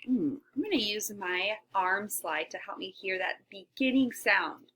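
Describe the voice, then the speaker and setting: A woman teacher leading a shared reading lesson for young children, sounding out letters slowly and often dropping to a whisper, encouraging and animated. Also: medium pitch. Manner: animated, encouraging, with gasps of discovery.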